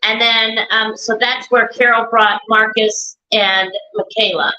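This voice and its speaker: A woman's voice: fairly high pitch, steady tone, measured pace, pushed and bright. A woman, a mother, talking in a rambling casual chat, often quoting her son and herself. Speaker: grieving mother and guest. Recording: dull lo-fi stream audio.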